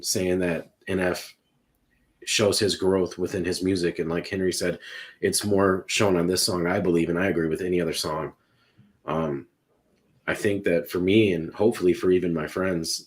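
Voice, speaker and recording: A man with a very low, deep voice chats about music on a podcast. He talks in an earnest, emotional way and rambles, restarting his sentences often. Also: steady tone, normal speed. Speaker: podcast panelist ranking songs. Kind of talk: casual music discussion.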